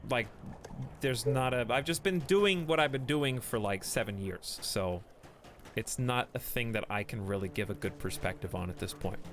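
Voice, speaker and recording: A man's voice: medium pitch, a bit bright, slight background noise. A man streaming a strategy game, chatting with his viewers in a rambling, joking way and laughing often. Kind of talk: casual gameplay stream commentary.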